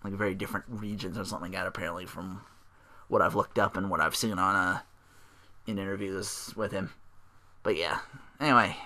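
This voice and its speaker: A man's voice: low voice, steady tone, brisk, long pauses, pushed and bright. A man hosting a solo podcast, rambling casually with lots of fillers and restarts. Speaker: podcast host.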